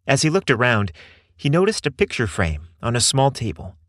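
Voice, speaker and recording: A man reading a scripted story aloud with expressive, measured storytelling. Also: medium pitch, dry recording, clean studio sound. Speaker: narrator.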